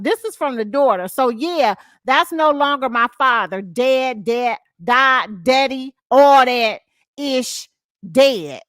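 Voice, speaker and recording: A woman's voice: high-pitched, lively intonation, takes it slowly, a bit bright, dry recording, studio quality. A woman hosting a casual gossip podcast with a Southern US accent, talking loosely, reading posts aloud and laughing along. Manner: chatty, reads posts aloud with laughs and asides. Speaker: podcast host.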